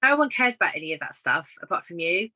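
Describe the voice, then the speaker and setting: A woman's voice: lowish voice, big pitch swings, quick pace, sharp tone, low-quality recording. A woman, a guest on a casual live video chat, telling encouraging stories and acting out the dialogue. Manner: storytelling, encouraging, acts out quoted dialogue. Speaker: guest business consultant.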